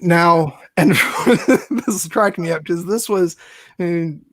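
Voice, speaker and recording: A man hosting a film discussion podcast, speaking haltingly with many restarts and occasional chuckles. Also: on the high side, a bit bright, dry recording. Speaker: podcast host.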